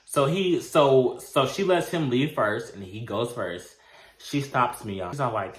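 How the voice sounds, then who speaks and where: A man's voice: mid-range voice, expressive, normal speed, fairly bright tone. A young man vlogger telling a storytime tale in a casual, slangy way, talking straight to his viewers. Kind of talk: storytime vlog. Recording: roomy echo.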